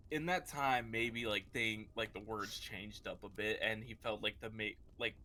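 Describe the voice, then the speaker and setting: A man's voice: on the low side, steady tone, a little slow, sharp tone. A man co-hosting a book club podcast, rambling casually with plenty of filler words and frequent laughter. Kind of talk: casual chat.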